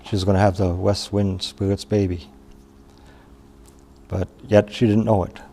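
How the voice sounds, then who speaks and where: Male storyteller from Wisconsin, low gravelly voice, mellow, unhurried oral telling. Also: little pitch movement. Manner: unhurried, plain-spoken, with pauses and restarts.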